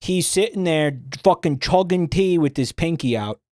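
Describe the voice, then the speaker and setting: A man's voice: fairly high pitch, expressive, normal speed, dark tone, no room sound, clean studio sound. A man streaming live, chatting casually and riffing with profane jokes.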